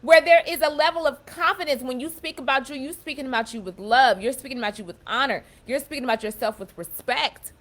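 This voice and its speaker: A young woman giving a casual motivational talk, emphatic and warm, often repeating and restarting her phrases as she explains. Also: high voice, fast, few pauses. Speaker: self-empowerment speaker.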